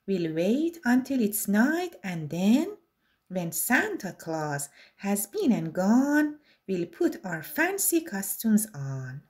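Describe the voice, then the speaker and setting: A woman voicing two sly male burglars plotting a theft in a children's story. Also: medium pitch.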